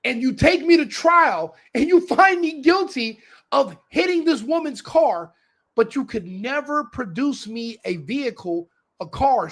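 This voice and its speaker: A man with a high-pitched voice rants through political commentary on his podcast. He presses the same demands again and again and swears freely. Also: animated, a little slow, fairly bright tone. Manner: ranting, repetitive demands, swearing. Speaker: podcast host.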